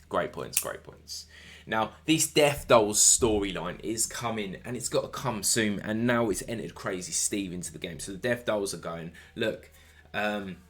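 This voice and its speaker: A man giving a casual solo wrestling show review, energetic and repetitive, talking straight to his viewers. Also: on the low side.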